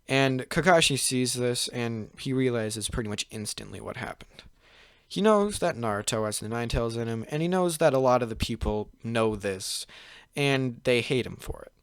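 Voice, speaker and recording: A man's voice: medium pitch, expressive, moderate pace, no echo. Young male channel host, casual rambling storyteller, dry close voice. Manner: rambling, full of "pretty much" and "like", frequent restarts. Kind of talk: casual fan-fiction storytelling.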